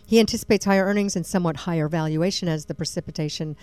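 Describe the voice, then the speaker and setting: A woman co-hosting a radio talk show, chatty and quick to laugh while reading out survey figures. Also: on the low side, darkish tone, clear, resonant tone, dry recording. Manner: chatty, laughs often, reads figures aloud. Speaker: radio co-host.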